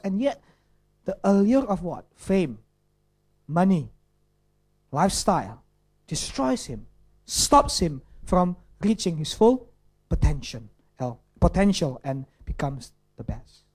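A man's voice: sits high, darkish tone. Pastor, questioning his flock. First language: Indonesian. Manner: checks in with the audience through rhetorical questions. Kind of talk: sermon.

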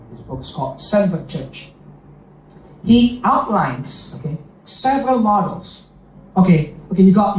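Man, emphatic sermon, warm tone, roomy hall echo. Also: high-pitched, a little hiss or hum. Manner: emphatic, repeats phrases, checks in with "okay?" and "right?". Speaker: pastor. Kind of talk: bilingual sermon with own interpreting. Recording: echoey hall, voice from a distance.

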